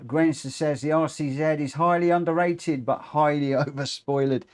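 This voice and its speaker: A man's voice: on the high side, steady tone, moderate pace. A man hosting a live racing game stream, chatting casually and self-mockingly as he reads out chat. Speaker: livestream host running online racing lobbies.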